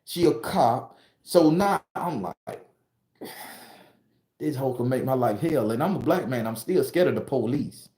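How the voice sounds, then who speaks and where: A man from southern Florida hosts his own storytelling channel, swearing freely as he rambles through a personal tale. His voice sits at an ordinary middle pitch but rises and gets louder when he is worked up, and the room gives it a noticeable echo. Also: expressive, measured pace, long pauses. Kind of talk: casual storytelling, profane. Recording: roomy echo.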